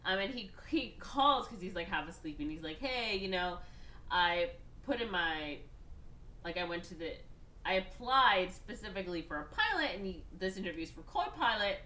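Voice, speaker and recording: A woman hosts a casual podcast chat, retelling a story in a loose, talkative way. Her voice is very bright and forward. The room around her rings with echo, and a faint hiss sits underneath. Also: medium pitch, very animated, normal speed. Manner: chatty, heavy use of "like", breaks into exaggerated voices for characters. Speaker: podcast host.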